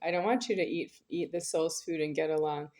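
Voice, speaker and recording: A woman's voice: deep voice, fairly quick, darkish tone. A woman talking in a rambling spoken monologue, insistent and circling back over the same phrases.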